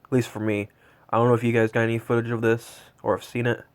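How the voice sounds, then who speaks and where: In a monotone, medium-pitched voice, a fast-talking man in his 20s records a casual, excited vlog tracking Santa. He's cold and shivering, rambling in awe and using plenty of fillers.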